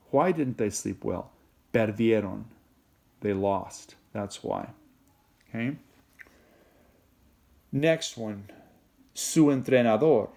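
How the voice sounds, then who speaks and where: A man teaching Spanish in a recorded video lesson, explaining in a relaxed, rambling way and checking in with "okay?" and "right?". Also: medium pitch.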